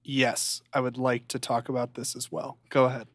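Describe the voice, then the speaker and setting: A man's voice: normal speed, no room sound, clean studio sound. A man co-hosting a podcast, chatting casually and acting out quotes from a show in a raised voice. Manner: animated, acts out quotes in a high voice. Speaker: podcast co-host. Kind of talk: casual chat recapping a show.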